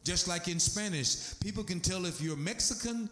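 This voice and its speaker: A man preaches a sermon from the pulpit with emphatic, animated delivery. His fairly high voice swoops up and down as he drives each point home. The sound carries the echo of a large church room. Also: moderate pace. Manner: emphatic preaching with sweeping pitch swings. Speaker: pastor. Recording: echoey room.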